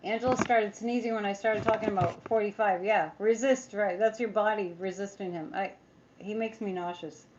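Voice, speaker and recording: A woman's voice: mid-range voice, fairly even intonation, moderate pace, muffled recording, background noise. A woman psychic chatting casually on a livestream, rambling, reading viewer comments aloud and making sarcastic asides. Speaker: psychic tarot reader.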